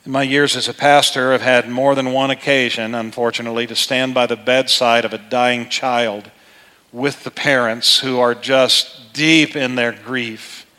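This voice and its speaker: A man's voice: medium pitch, fairly even intonation, a little slow, sharp tone. A middle-aged male pastor preaching a sermon in a church, conversational and emphatic, acting out the people he quotes. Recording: long hall reverb.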